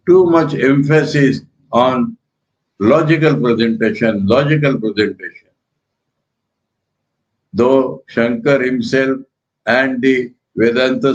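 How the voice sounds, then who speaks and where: An older man with an Indian accent, a monk giving a spiritual lecture in a measured, emphatic way that repeats key words. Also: medium pitch, dull audio.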